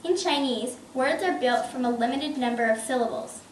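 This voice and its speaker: Very high bright woman talking slow, far off in an echoey room. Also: a little hiss or hum. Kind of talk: classroom presentation.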